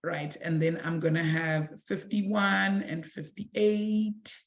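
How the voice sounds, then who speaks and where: A woman's voice: lowish voice, fairly even intonation, slow pace. Encouraging woman maths teacher, roomy sound. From South Africa. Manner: warm, encouraging, calls students "my sweetie". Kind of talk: live online maths lesson.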